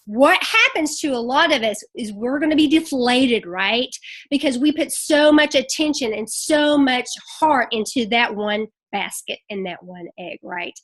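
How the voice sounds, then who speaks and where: A woman's voice: high-pitched, a bit bright. A woman giving emotional, chatty, scattered motivational tips as a network marketing ambassador on a group call.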